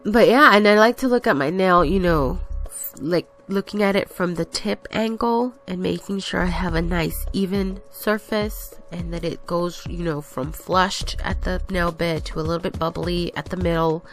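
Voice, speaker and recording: A woman with a somewhat low voice talks through her steps in a loose, rambling, self-correcting way, sounding a little out of breath. Her voice-over sits over faint background music. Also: moderate pace, fairly bright tone. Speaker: nail tutorial vlogger. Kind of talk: casual voice-over narration of a tutorial.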